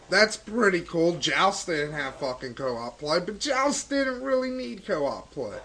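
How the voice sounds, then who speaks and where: In this rough recording, a young man with a sharp, rather high voice hosts a profane let's-play of an old video game. Stoned, he rambles, rants and swears constantly.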